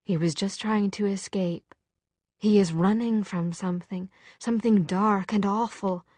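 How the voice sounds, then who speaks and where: A woman's voice: mid-range voice, steady tone, a little slow, a little mellow, no echo, lightly acted. A woman reading as an anxious young woman, urgent and pleading.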